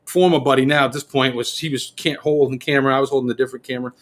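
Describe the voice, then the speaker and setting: A man's voice: medium pitch, rapid-fire. A man telling a story in a casual podcast chat, swearing freely and acting out what people said. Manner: animated, profane, acts out quotes.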